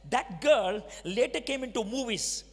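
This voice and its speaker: A man's voice: very high-pitched, lively intonation, measured pace. A middle-aged man with a Telugu-accented Indian English voice, telling his testimony as a sermon, acting out the dialogue and asking the audience questions. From Andhra Pradesh, India. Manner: storytelling, acts out dialogue, asks the audience questions. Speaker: preacher giving his testimony. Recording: long reverb of a large hall.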